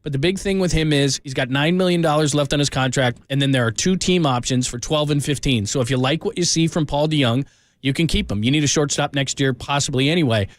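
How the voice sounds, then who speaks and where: A man's voice: a little high, a little fast, no echo. A man hosting a sports radio show, arguing his point insistently and repeating himself as he talks. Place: radio studio.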